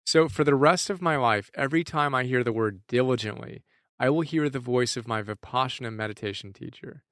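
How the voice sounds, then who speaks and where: A man's voice: medium pitch, brisk, a bit bright, dry recording, studio quality. A man in earnest, reflective scripted narration of a lesson, often putting questions to the listener. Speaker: teacher presenting book ideas.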